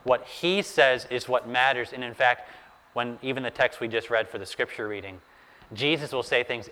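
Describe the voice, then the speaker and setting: Male pastor, sermon, animated storytelling, middle pitch, long reverb. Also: normal speed. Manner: animated storytelling, urging listeners to imagine the scene.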